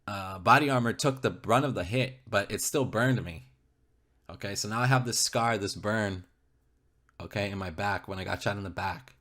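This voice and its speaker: A man's voice: fairly low pitch, fairly bright tone. A man telling a personal story to an interviewer, repeating himself, swearing heavily and constantly checking in with "okay?". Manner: repetitive, keeps checking in with "okay?"; emphatic, heavy swearing.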